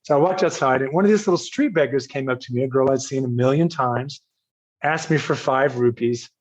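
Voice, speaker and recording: A man's voice: medium pitch, fairly quick. Older man telling a self-mocking story. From Virginia, United States. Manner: anecdotal and self-mocking, quotes others, laughs at himself. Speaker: podcast guest. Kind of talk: storytelling in a casual interview. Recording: slightly dull, lo-fi audio.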